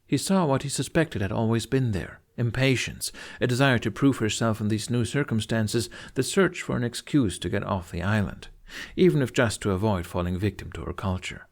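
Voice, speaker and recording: A man narrating a fantasy audiobook in an expressive storytelling style. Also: on the low side, normal speed. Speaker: audiobook reader.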